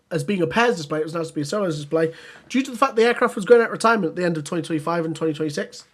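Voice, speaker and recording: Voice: medium pitch, rapid-fire. A podcast co-host chatting casually and enthusiastically, with many ums and restarts. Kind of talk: casual chat.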